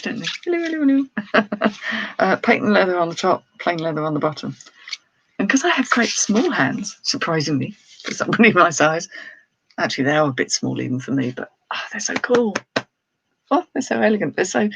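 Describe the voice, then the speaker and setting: Showing off items on a live stream, a clothing reseller from the United Kingdom chats casually, laughs a lot and reads viewer comments aloud. She has a fairly low, gravelly voice, and the poor audio carries a little hiss or hum.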